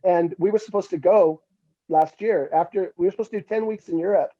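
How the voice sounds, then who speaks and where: This interview guest, a middle-aged metal musician, has a high voice and talks a little fast, captured in dull audio. His casual storytelling is lively, and he raises his voice when quoting what others said.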